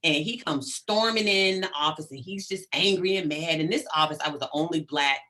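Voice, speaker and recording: A middle-aged woman, a psychologist guest in an interview, talking in an animated, emphatic way and checking in often with "right?". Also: low-pitched, a little fast. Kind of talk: conversational interview.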